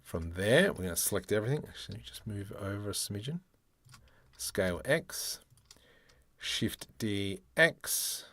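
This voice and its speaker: A man with a lowish voice talks slowly through a screen-recorded modeling tutorial, thinking aloud as he goes. He mutters keyboard shortcuts and lets out playful little exclamations at his own mistakes. The sound is dry and close. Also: lively intonation, fairly bright tone, no room sound. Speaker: 3D artist demonstrating modeling.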